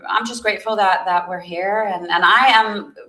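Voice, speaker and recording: Bright, upbeat woman from South Africa. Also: medium pitch, fairly even intonation, normal speed, reverberant, low-quality recording. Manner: upbeat, laughs often, restarts phrases. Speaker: guest, magazine founder. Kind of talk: casual interview chat.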